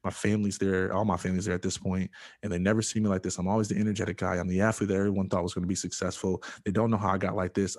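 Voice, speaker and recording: A young man giving a personal testimony in an interview, earnest and halting, with many fillers and pauses. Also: sits low, darkish tone. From Michigan. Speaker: interview guest.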